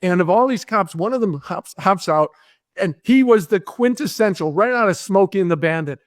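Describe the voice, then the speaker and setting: Animated storytelling man, fairly high voice. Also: normal speed, no echo, clean studio sound. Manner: animated anecdote-telling, acting out quoted voices. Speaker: guest, filmmaker. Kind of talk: storytelling in a podcast interview.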